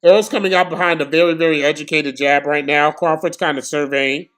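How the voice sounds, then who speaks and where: Excitable slangy male fight streamer. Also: a little high, fairly quick. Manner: excitable, slangy, bursts into screaming. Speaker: livestream boxing commentator. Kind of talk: casual live fight commentary.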